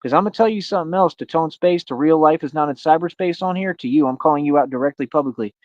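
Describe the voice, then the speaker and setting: A man's voice: a little high, fast, darkish tone, no echo. Man, boastful livestream rant; dry, slightly dull lo-fi sound. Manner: boastful, confrontational, calls out rivals. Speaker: streamer. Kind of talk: ranting livestream monologue. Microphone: streaming mic.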